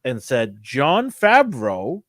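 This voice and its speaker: An older man hosting a casual pop culture chat, animated and laughing often. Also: medium pitch, extremely slow, no echo, clean studio sound. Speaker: podcast host.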